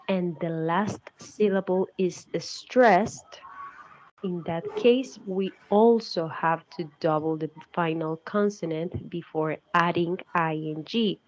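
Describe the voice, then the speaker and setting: A woman narrating an English spelling lesson, slowly and carefully repeating each example. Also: fairly low pitch, darkish tone, muffled recording. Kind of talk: recorded English grammar explanation.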